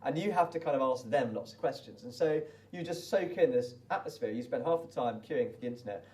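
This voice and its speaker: A man's voice: mid-range voice, expressive, a little fast, a little mellow, far from the mic. A British man, a desert race runner, telling his story in a chatty, rambling way full of restarts. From Britain. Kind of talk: casual spoken recollection.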